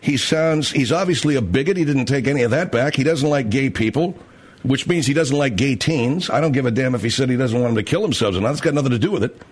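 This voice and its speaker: A man's voice: mid-range voice, animated, fast talker, husky. A man hosting a talk show, ranting bluntly and mockingly, often acting out other people's lines. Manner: blunt, profane, mocking, puts on voices of others. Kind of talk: ranting commentary with acted-out dialogue.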